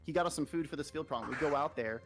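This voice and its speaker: A man's voice: on the high side, very fast, soft background music. A young man streaming while he plays, telling an army story in casual chat, heated and sarcastic and swearing often.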